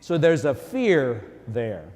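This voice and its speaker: A man's voice: mid-range voice, sing-song, takes it slowly, a little mellow. A man preaching a sermon as a priest, in a folksy, conversational way. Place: church. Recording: long church reverb.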